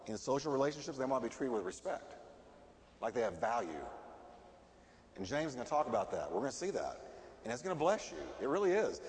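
A middle-aged man preaching a sermon as a pastor, emphatic and animated, often asking his listeners questions. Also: a little high, slight background noise. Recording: long hall reverb.

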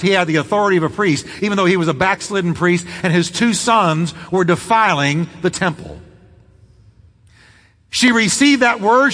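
A man's voice: high-pitched, sharp tone, in a large hall. A man preaching a sermon as pastor, building drama through repetition.

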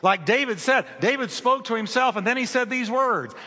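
A man preaching a sermon as an animated storytelling pastor who repeats phrases for emphasis, in a reverberant hall. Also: very high voice, normal speed, hardly any pauses.

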